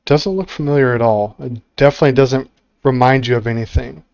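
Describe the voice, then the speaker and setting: Game master, man, descriptive narration with filler pauses, dry recording. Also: medium pitch, fairly even intonation, vocal fry, a little mellow, no room sound, lo-fi sound.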